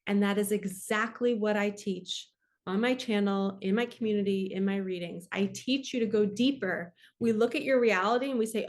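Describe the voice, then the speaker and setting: A woman's voice: mid-range voice, moderate pace. A young adult woman giving a casual tarot reading, talking passionately and rambling with lots of "like". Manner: passionate, rambling, says "like" often. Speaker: tarot reader and spiritual coach.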